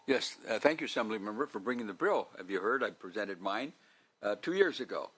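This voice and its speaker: A senator, a man with a low voice, speaks up on the committee in support of a bill. He talks plainly and a little slowly, as if thinking it through. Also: animated, fairly bright tone, breathy edge.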